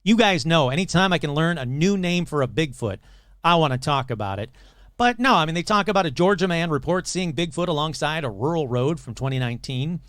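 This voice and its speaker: A man hosting a podcast, casually retelling a conversation in an animated way, quoting the people he met and using many fillers. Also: on the high side, fairly quick, no room sound, studio quality. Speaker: podcast host. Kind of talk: casual storytelling.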